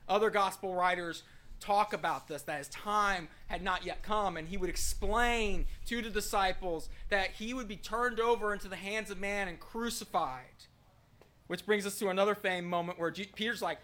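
A man preaching a sermon, his voice pitched high for a man. He reads scripture aloud, then talks it through with his listeners, rising to loud proclamation and dropping to soft, searching questions. The tone stays bright and forward throughout. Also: moderate pace.

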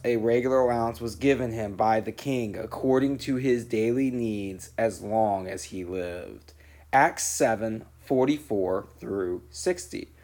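A man reading scripture aloud in a measured, solemn way as the regular reader of a daily reading program. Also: medium pitch, a little mellow. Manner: slow, measured, solemn delivery.

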